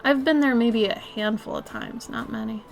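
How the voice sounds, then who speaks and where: A woman's voice: a little high, animated, normal speed, soft background music. A woman in her thirties from Minnesota, with a slight Minnesotan accent, chatting casually as she answers her live-stream chat. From Minnesota, USA. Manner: chatty, reads and answers chat, gushes and giggles. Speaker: art streamer.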